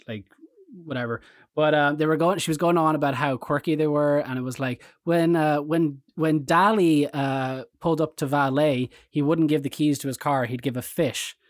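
Irish man, chatty storyteller, rambling anecdotes, dry close sound, mid pitch. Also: no echo. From Ireland. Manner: rambling anecdotal storyteller, animated quoted voices. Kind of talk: casual chat.

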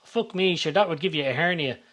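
A man voicing Connor, a cheeky young Irish council worker who banters and gets excited. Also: a little high, fairly quick, pitched above the performer's own voice, close to an everyday voice. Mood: amazed.

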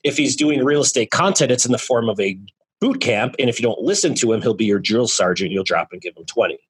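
A man guest in a casual interview, talking in energetic, joking bursts about his marketing business. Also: medium pitch, fast talker, slightly rough, poor audio. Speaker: guest, real estate marketing business owner.

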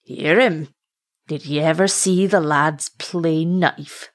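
A man's voice: a little high, fairly even intonation, slow pace. A woman reading a coarse, mocking rogue. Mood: taunting. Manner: mocking, taunting. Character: coarse, vulgar small older male rogue.

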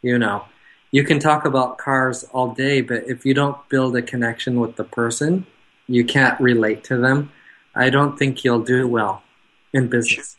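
A man speaking as an interview guest in a steady middle voice. He talks in a measured, thoughtful way, often with small pauses. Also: medium pitch, poor audio. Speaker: guest, car business owner. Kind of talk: conversational interview.

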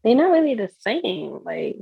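A man's voice: high voice, sing-song, normal speed, creaky, slightly rough, dry recording. A man from New York with a New York accent, chatting casually on a podcast and talking emphatically in street slang. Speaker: podcast guest. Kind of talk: casual chat. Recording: dull lo-fi podcast audio.

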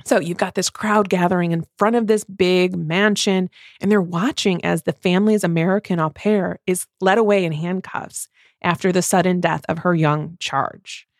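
A woman chatting casually about a book she reviews, animated and laughing often. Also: fairly low pitch, normal speed, no room sound, clean studio sound. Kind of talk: casual chat.

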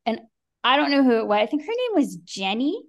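A middle-aged woman guest on a podcast, telling a story in a lively way, acting out quotes and swearing freely. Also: sits high, a little fast. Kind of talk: animated storytelling.

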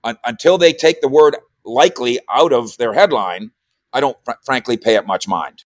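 A man's voice: mid-range voice, moderate pace, dry recording. Casual sports talker, man, mid-range voice, close dry mic, stumbles and restarts. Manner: rambling, repeats words, animated when quoting. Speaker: sports columnist and podcaster. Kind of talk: casual radio chat.

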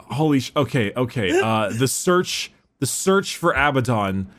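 A man's voice: mid-range voice, sing-song, unhurried, fairly bright tone. A man hosting a podcast, chatting casually and stumbling over names with laughs. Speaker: podcast host. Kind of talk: casual chat.

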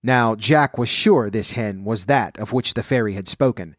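A man narrating a fairy tale in a steady, even storybook reading. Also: on the low side, normal speed, dry recording, studio quality.

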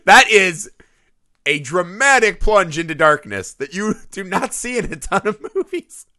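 A man in his thirties, co-hosting a casual movie review podcast, animated and profane, laughing often. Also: sits high, a little slow. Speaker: podcast co-host.

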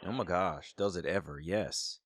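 A man's voice: deep voice, moderate pace, a crowd in the background. A man hosting a podcast interview, reacting with sympathy and laughing along with his guest. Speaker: podcast host. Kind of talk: casual interview chat.

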